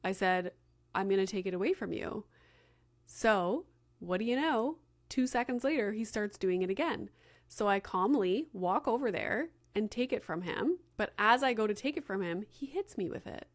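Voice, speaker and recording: A woman's voice: fairly high pitch, lively intonation, moderate pace. A woman in her thirties hosting a podcast, casually telling a story with lots of "like" fillers and acted-out dialogue. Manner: chatty, many "like" fillers, acts out quoted dialogue. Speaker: podcast host.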